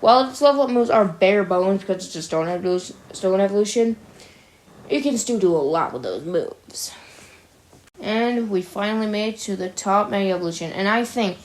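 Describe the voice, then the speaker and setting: A woman's voice: mid-range voice, normal speed. Chatty young woman ranking game monsters. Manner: chatty, opinionated, laughs at own jokes. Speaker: gaming video creator. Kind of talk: casual ranking commentary.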